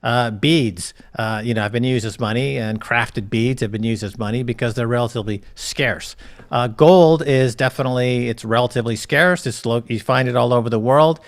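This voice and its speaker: A man sits in as an interview guest and lays out his points in a steady, explanatory way. His voice is smooth and clear, and his pitch sits in an everyday middle range. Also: moderate pace. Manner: explanatory, lecturing. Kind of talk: casual interview talk.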